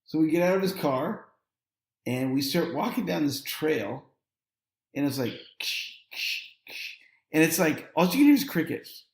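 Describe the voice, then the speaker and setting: A man's voice: on the high side, big pitch swings, unhurried, creaky, long pauses, echoey room. A man telling a long story as a podcast guest, acting out the quoted lines and laughing often. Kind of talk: casual storytelling.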